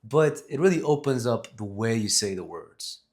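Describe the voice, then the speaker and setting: A man's voice: mid-range voice, lively intonation, moderate pace, a little mellow. A man talking casually to a camera about communication, rambling and correcting himself as he goes, with emphatic stresses. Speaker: vlogger on communication skills. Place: seated in front of a camera.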